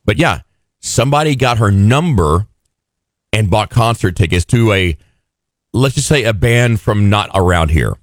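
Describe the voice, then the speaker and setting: A man co-hosting a casual chat, quick with reactions and side remarks. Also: on the low side, animated, no echo, studio quality. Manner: chatty, quick reactions and asides. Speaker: co-host.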